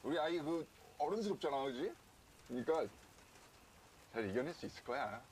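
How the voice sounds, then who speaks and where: An actor playing a weary middle-aged father in a drama, speaking softly and apologetically. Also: fairly high pitch, lively intonation, racing, lightly acted, rough recording. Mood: apologetic. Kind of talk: drama dialogue. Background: rain and music.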